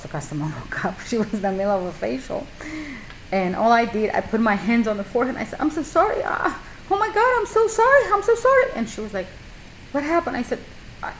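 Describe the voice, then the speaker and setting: Middle-aged woman, skincare business owner, emphatic storyteller, medium pitch, faint background hum. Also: brisk, poor audio. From a communist country. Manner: animated, emphatic, slightly non-native grammar. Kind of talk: casual storytelling advice.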